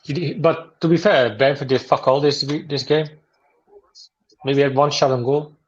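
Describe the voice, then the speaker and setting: A man's voice: on the high side, normal speed, husky. Sweary man on a dull mic. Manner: sweary, blunt. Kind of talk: live match watchalong chat.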